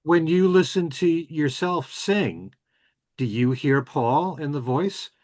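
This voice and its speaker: A man's voice: on the high side, slow pace, a little mellow, no room sound. Male host asking short questions. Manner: brief backchannels and short questions. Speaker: radio host interviewer. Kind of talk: interview questions.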